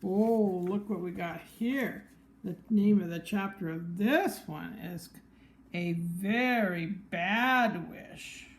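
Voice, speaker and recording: Slow gravelly woman reading a picture book. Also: mid-range voice, poor audio. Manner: gentle, pointing out pictures. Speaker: storybook reader.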